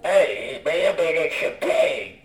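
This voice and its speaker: Male podcast co-host, high-ish voice, quick teasing quips, echoey room with faint music. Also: big pitch swings. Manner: short teasing interjections. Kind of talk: casual banter.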